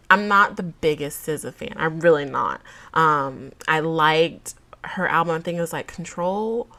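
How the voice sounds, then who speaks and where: Woman podcast host, solo casual monologue, giggly and emotional, unhurried delivery. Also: on the low side, a bit bright. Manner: chatty, giggly and emotional, with frequent laughs and fillers.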